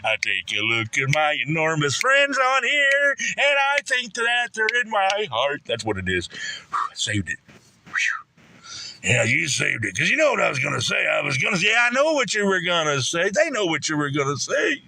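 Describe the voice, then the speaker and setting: A man's voice: fairly high pitch, huge pitch swings, moderate pace, gravelly, sharp tone, slight background noise. A man chatting casually on a live stream from a parked car, joking, rambling and acting out little scenes. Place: parked car in a store parking lot.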